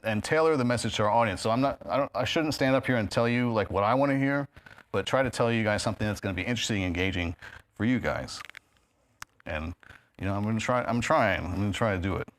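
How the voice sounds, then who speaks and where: Talking fast in a voice on the low side, a New York guest speaker with a matching accent chats casually to a live audience at a spiritist center's meeting hall. His speech, captured through a handheld or stand mic, is full of fillers, and he laughs at his own jokes.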